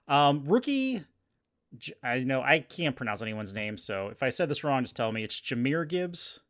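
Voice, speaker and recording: A man's voice: medium pitch, expressive, unhurried, a bit bright. Hesitant man reading sports predictions. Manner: hesitant, restarts often, laughs easily. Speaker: podcast co-host. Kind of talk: casual sports podcast chat.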